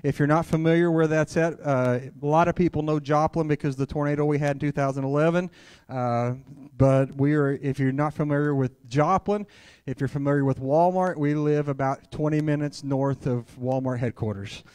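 A man's voice: fairly high pitch, fairly even intonation, moderate pace, a little mellow, clean tone, no echo. A man preaching a sermon at a church conference, telling stories in a candid, conversational way and sprinkling in "hallelujah.". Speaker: guest preacher.

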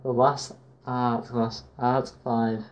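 A man's voice: mid-range voice, flat delivery, slow, highs cut off, a little hiss or hum. A man giving casual, rambling gameplay commentary and calling viewers guys. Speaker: gamer.

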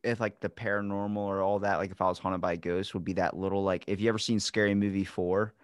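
A man hosting a podcast, telling stories in a loose, profane, animated way. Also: low-pitched, fast, clean tone, no room sound, clean studio sound. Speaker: podcast host. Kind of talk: casual podcast chat.

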